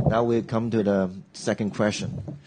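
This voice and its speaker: A man's voice: lowish voice, flat delivery, unhurried, noisy background. A man, a Cantonese speaker, hosting an English lesson hesitantly, with many fillers and restarts. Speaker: host. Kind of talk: casual teaching chat.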